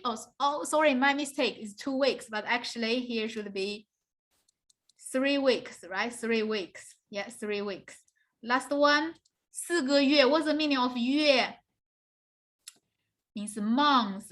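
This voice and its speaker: A woman's voice: on the high side, a bit bright. Patient woman teaching a beginner language lesson. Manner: patient explaining, often checks in with "okay?" and "right?". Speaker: Mandarin teacher.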